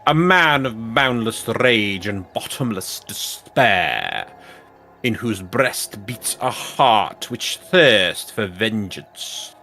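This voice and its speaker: A man voicing a grave, archaic-speaking male elder from a video game, reading slowly and ceremonially. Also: lowish voice, very animated, sharp tone, soft background music, voice pushed down, full character voice. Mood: solemn.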